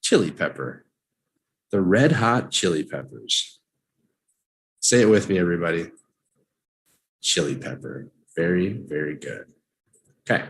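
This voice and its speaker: A man teaching vocabulary in a live online lesson, saying each word slowly, having listeners repeat it, and reading out its definition. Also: low voice. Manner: slow and animated, drills words with repeat-after-me prompts. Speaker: English teacher.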